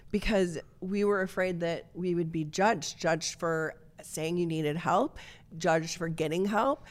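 A woman's voice: on the low side, unhurried. A woman, a nonprofit co-founder, talking earnestly and reflectively as a guest in a podcast interview.

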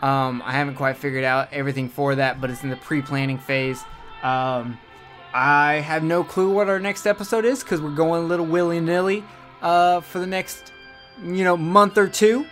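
A man's voice: on the high side, steady tone, normal speed, a bit bright, soft background music. A man hosting a podcast in a slightly raised voice. He rambles loosely through plugs and sign-offs with crude jokes. The talk is easygoing and unscripted. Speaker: podcast host. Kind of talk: casual podcast outro chat.

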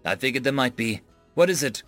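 A man's voice: mid-range voice, animated, fairly quick, fairly bright tone, dry recording, soft background music, natural voice. A man voicing a wary, blunt alien woman living alone on a station.

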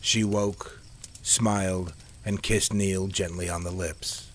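A man narrating an audiobook story with a steady, measured reading. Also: low voice.

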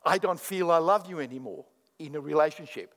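A man preaching a sermon as pastor, swinging from quiet asides to loud, animated bursts and mock prayers. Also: a little high, fairly quick, in a large hall.

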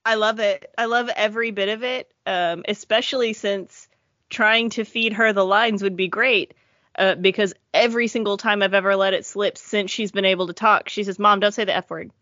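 A woman's voice: medium pitch, steady tone, moderate pace, a bit bright, no echo, lo-fi sound. A woman, a mother and podcast guest, making dry, wry quips in casual chat.

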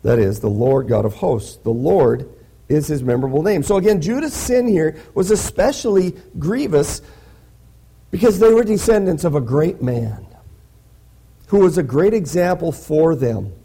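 A man's voice: a little high, animated, moderate pace, warm tone, slightly rough. A man preaching a sermon in a conversational way, often checking in with "right?". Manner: conversational, peppers lines with "right?". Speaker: pastor.

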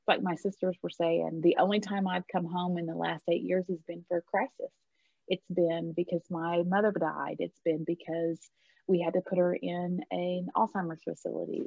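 A woman's voice: on the low side, vocal fry, dry recording. A woman guest on a podcast, talking in a reflective, rambling way with frequent restarts. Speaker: guest, HR leader. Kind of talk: casual podcast conversation. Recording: dull lo-fi call audio.

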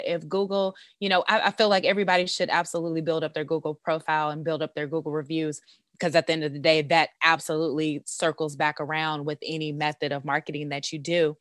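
Guesting on a podcast interview, a U.S. esthetician, beauty business owner and business coach speaks with confidence and many "you know"s. Her pitch is fairly low, and the recording is dry and studio quality.

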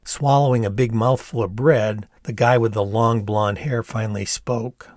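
An older man reading his own memoir aloud in a measured storytelling manner. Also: fairly low pitch, steady tone, darkish tone, no echo, clean studio sound. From Ann Arbor, Michigan, USA. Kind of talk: audiobook narration.

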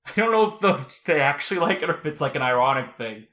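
A man co-hosting a film podcast in casual chat, animated and rambling, laughing often between asides. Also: on the high side, fast talker. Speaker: podcast co-host.

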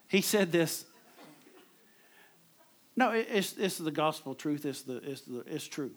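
A man's voice: fairly high pitch, expressive, slow, pauses often. A man preaching a sermon in a conversational way, repeating words as he drives home his points.

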